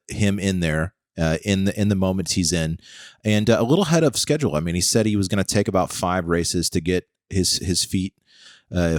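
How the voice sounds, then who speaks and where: Deep-voiced rambling American man. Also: no echo, studio quality. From United States. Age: 30s. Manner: rambling, full of "like" and "okay", spins comic what-if scenarios. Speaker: podcast co-host. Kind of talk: casual chat.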